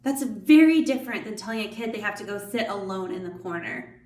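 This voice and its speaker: A woman giving a clear, step-by-step staff training talk, acting out small examples as she explains. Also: medium pitch, expressive, a little fast, darkish tone, echoey room. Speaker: children's ministry trainer. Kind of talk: instructional training video.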